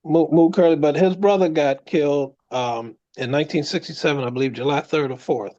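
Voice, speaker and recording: A man co-hosting a laid-back podcast, telling stories in a fairly high voice. He gets animated and his pitch shoots up whenever he quotes someone. The recording sounds a little muffled and lo-fi. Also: fairly quick. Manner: animated storyteller, voice climbs high when quoting others. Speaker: co-host. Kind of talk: casual podcast storytelling.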